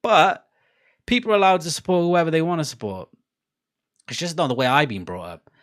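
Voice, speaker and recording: A man's voice: fairly high pitch, animated, brisk, a bit bright. A man from Cardiff with a Welsh accent, hosting a live football watchalong and chatting casually to his viewers. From Wales, Cardiff. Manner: chatty, sweary, laughing between rants. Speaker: livestream host.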